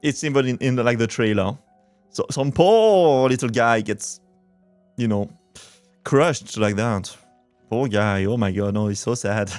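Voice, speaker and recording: A man's voice: mid-range voice, a little slow, a little mellow, dry recording, faint music behind. A man streaming a game, chatting casually and crudely with a joking, laughing manner, close to a desk mic.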